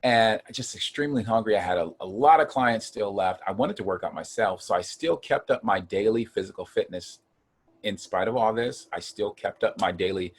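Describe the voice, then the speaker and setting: A man from Ohio earnestly telling a personal story of hard times in a casual chat, getting animated when he acts out quotes. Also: fairly low pitch, normal speed, slightly rough. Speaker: guest.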